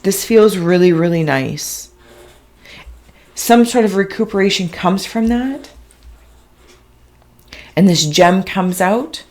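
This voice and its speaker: A woman giving a slow, halting spiritual reading, describing visions in a soft, emotional, dreamy way. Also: medium pitch, lively intonation. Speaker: intuitive reader.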